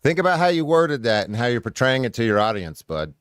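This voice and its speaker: A man's voice: medium pitch, big pitch swings, fast talker, a bit bright, smooth, no echo, clean studio sound. Sarcastic, swearing commentator man. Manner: profane, sarcastic, combative. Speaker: commentator reacting to a video. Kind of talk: casual reaction commentary.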